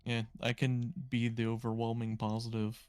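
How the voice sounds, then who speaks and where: Male player, smooth clear voice, dry close mic, earnest upbeat chat. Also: mid-range voice, monotone, normal speed, a little mellow, no echo. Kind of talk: casual tabletop game chat.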